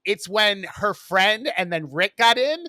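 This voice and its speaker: A man's voice: high-pitched, lively intonation, measured pace, sharp tone, no room sound, clean studio sound. A male podcast co-host telling a story in casual chat, frank and wry, swearing for emphasis.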